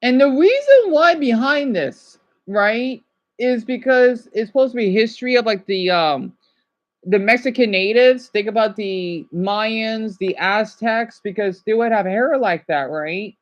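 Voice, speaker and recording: A woman's voice: medium pitch, a little slow, dull audio. A woman hosting a livestream, chatting casually with viewers and calling them by name as she reacts to a video. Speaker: livestream host.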